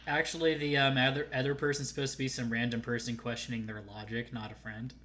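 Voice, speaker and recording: Snarky male co-host, bright tone, laughs a lot, reads chat aloud. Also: medium pitch, flat delivery, quick pace, a little hiss or hum. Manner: sarcastic, laughs often, reads comments aloud.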